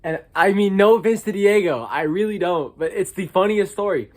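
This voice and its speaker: Speaking at a moderate pace, a young adult with an American accent shares comic college tales in a casual vlog, lurching from squeaky, loud bursts to quiet mumbled remarks.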